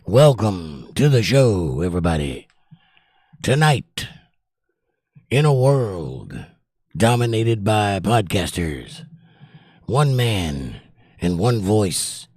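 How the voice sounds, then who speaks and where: Man doing a low, slow trailer-announcer voice, dramatic, dry close sound. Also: sing-song, darkish tone, slightly rough, dry recording, full character voice. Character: deep-voiced male movie trailer narrator.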